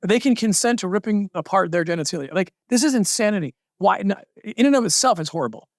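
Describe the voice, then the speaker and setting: A man's voice: sits high, animated, fast, no room sound, studio quality. A man speaking as a guest in a played TV interview, talking in an impassioned, emphatic way.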